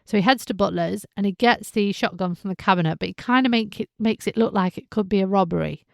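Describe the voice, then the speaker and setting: Female podcast host, casual soap recap, animated, slips into characters' voices; slight fry, dry close mic. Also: medium pitch, fast talker, dry recording. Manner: chatty, animated, acts out characters' lines.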